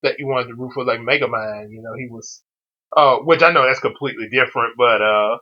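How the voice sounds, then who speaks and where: A man's voice: mid-range voice, fairly quick. A man hosting a casual chat, talking hesitantly with lots of "uh" and "um" fillers. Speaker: host. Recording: dull lo-fi audio.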